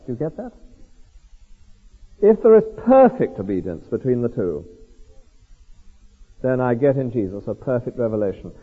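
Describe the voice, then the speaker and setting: Animated male preacher in an echoey hall. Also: medium pitch, breathy edge. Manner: animated, asks the audience rhetorical questions. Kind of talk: expository sermon. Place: large hall before a congregation. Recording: echoey hall on a tinny lo-fi line.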